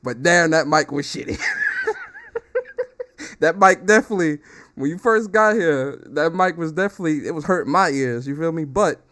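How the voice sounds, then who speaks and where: A young man hosting a gaming podcast livestream, talking casually with slang, bursts of laughter and loud shout-outs to viewers, on a desktop mic at home. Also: on the high side, moderate pace. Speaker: podcast host. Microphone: desktop streaming mic.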